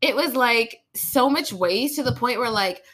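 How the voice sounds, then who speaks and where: A bright, crisp-toned woman chats casually as a podcast co-host. She tells stories in an animated way, swears freely, and acts out the people in them. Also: on the high side, unhurried. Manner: animated, swearing, storytelling with voices.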